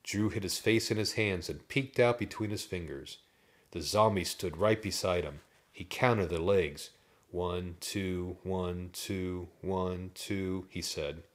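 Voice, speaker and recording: A man reading a children's storybook aloud in an expressive, dramatic way. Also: low voice, moderate pace.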